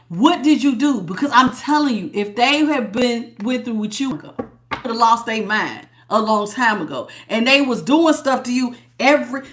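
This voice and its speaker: A woman's voice: high-pitched, sharp tone, a little hiss or hum. A woman hosting a live tarot reading, chatting casually with viewers and laughing often.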